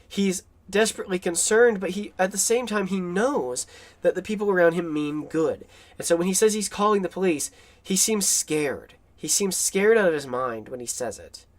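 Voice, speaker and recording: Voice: mid-range voice, moderate pace. Film commentator, rambling, enthusiastic, lots of ums, casual voice-over. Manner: rambling, enthusiastic, many fillers.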